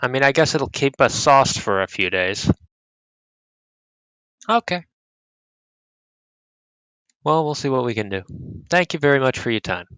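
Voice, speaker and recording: A man's voice: medium pitch, expressive, measured pace, pauses often, fairly bright tone, smooth, dry recording, poor audio. A man playing a tabletop game, speaking in character politely and hesitantly with many fillers. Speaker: player.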